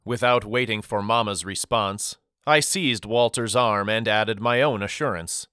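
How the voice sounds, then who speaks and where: Slow, smooth-voiced male audiobook narrator. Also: lowish voice, no echo, clean studio sound. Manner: calm, even storytelling. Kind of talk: scripted narration of a novel.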